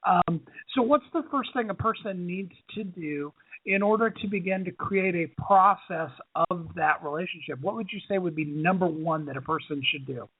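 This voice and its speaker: A man's voice: high-pitched, moderate pace, slightly rough, dry recording. A man hosting a podcast, chatting earnestly with his guest and asking her questions. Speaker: podcast host. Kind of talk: conversational interview. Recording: tinny phone-like line.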